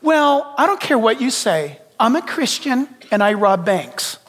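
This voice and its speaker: A brash, flippant bank robber who insists he is a Christian, put on by a preacher mid-sermon. The voice sits high. It rings out with a long reverb tail. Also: big pitch swings, measured pace, fairly bright tone, exaggerated voice. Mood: defiant.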